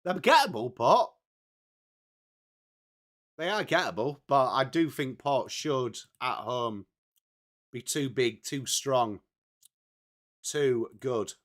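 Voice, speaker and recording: A young English man hosting a live football watchalong, chatting with viewers by name and reading team lists, his voice slightly hoarse. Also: mid-range voice, lively intonation, slow pace, pauses often, a bit bright. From England. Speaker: watchalong host. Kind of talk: casual live stream chat.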